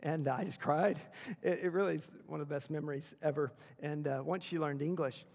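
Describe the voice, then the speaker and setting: A man speaking at a school chapel, telling personal stories in an earnest way that swings from hushed to excited. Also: on the high side, brisk, creaky. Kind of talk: personal storytelling sermon. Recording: echoey hall.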